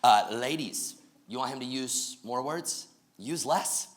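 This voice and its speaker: A man's voice: mid-range voice, slow pace, slight background noise. A male pastor preaching a sermon, talking straight to the congregation with energy and joking asides.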